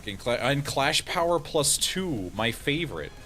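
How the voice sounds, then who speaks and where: A man's voice: medium pitch, very animated, normal speed, pushed and bright, faint music behind. A man streaming a game in casual let's-play commentary, joking, laughing often and reading game lines aloud.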